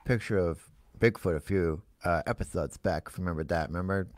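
A man hosting a playful live stream with jokey, energetic banter. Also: low voice, a little fast, no echo. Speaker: host.

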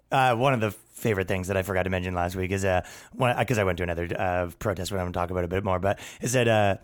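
A man hosting a podcast, ranting in a crude, sarcastic way and mocking others, swinging between loud outbursts and low asides. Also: rapid-fire, hardly any pauses. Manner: profane, sarcastic, mocking, with put-on voices for others. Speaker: podcast host and stand-up comedian. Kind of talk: casual ranting monologue.

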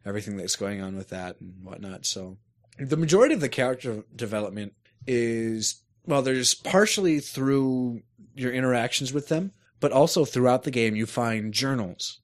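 A man's voice: mid-range voice, expressive, normal speed. A man in casual chat, describing a game at length and searching for words. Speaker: podcast co-host reviewing a game.

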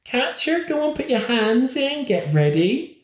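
A woman's voice: fairly high pitch, big pitch swings, a little slow, echoey room, voice pushed up. A man voicing an old, experienced female midwife with a Bristolian accent, who coaxes in a sing-song, affectionate way. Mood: coaxing. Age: older.

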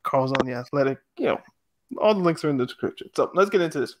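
A man hosting a casual football podcast, talking in a lively, jokey way. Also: a little high, fast talker, dry recording. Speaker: podcast host.

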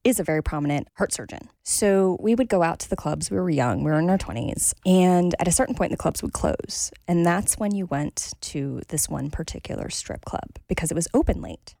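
A woman's voice: deep voice, lively intonation, normal speed, gravelly, few pauses, warm tone, no echo. A woman guest on a podcast, telling stories in a chatty way. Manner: chatty storyteller. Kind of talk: casual chat.

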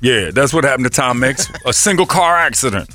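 A man's voice: mid-range voice, animated, fairly quick, pushed and bright, soft background music. A man bantering as co-host in a casual podcast chat, joking and sarcastic.

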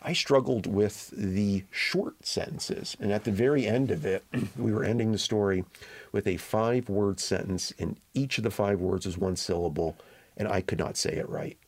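Low-voiced man telling reflective anecdotes. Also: moderate pace. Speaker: guest reporter. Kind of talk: conversational interview storytelling.

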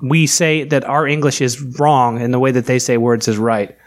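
A man's voice: mid-range voice, level tone, normal speed. A man chatting casually on a podcast, rambling and crude, often restarting his sentences. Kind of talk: casual chat.

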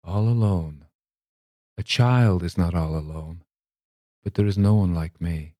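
A man voicing a frail, lonely old noblewoman who speaks slowly and wistfully in a dark, low voice. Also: no echo.

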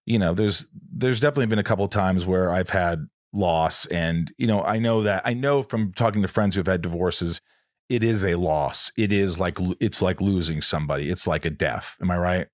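A man's voice: low-pitched, normal speed, no room sound, clean studio sound. A man hosting a podcast interview, talking in a rambling, casual way, often restarting his sentences and swearing now and then. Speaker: podcast host.

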